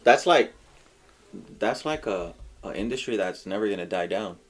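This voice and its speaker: A man's voice: fairly low pitch, expressive, moderate pace, soft background music. A young man co-hosting a podcast, chatting casually with blunt, teasing remarks. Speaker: podcast co-host. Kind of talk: casual chat.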